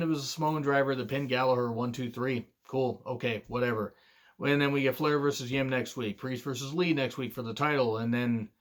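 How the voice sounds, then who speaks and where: A man reviewing a wrestling show in a casual monologue, blunt and profane, drifting into digressions with lots of fillers. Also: mid-range voice.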